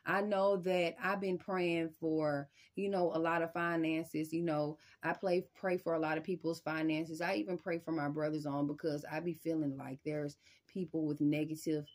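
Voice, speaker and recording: A woman with a fairly low voice delivers a spiritual reading straight to her viewers. Her talk is casual and slangy, full of repeated assurances, and it jumps into sudden loud, high-pitched outbursts. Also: steady tone, moderate pace. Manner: emphatic, repeats "y'all" and "I'm telling you". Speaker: tarot reader.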